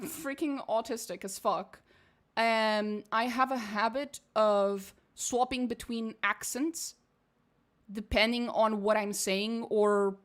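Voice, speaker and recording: A woman's voice: on the high side, fairly bright tone. A young woman from Portugal with a shifting accent, mostly British or American with a slight Portuguese edge, giving blunt, profane, laughing commentary while streaming a game. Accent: shifting, mostly posh British or American, slight Portuguese.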